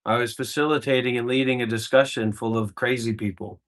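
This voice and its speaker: A man's voice: mid-range voice, fairly even intonation, a little fast, fairly bright tone. A man giving an informal spiritual talk as a meditation teacher, blunt and profane, and driving his points home with emphatic repetition.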